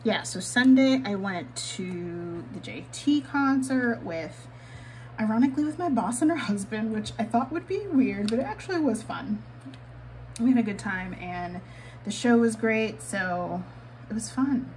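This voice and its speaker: A woman's voice: a little high, expressive, measured pace, a little mellow, slight background noise, low-quality recording. A woman vlogger chatting candidly while she decorates her planner, swearing casually and laughing often.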